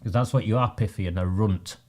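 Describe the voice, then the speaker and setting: Blunt campaigner. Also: male voice, fairly low pitch, fairly quick, darkish tone. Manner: blunt, combative, chatty. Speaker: local campaigner. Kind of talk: casual campaign video.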